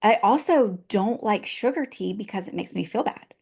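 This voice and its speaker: A woman hosting a podcast, her voice in a middle range. She tells personal stories in a lively, chatty way and often jumps in with quick, encouraging agreement. Her delivery is casual and conversational. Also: medium pitch, vocal fry, husky. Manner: lively personal storytelling, frequent agreeing interjections. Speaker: podcast host.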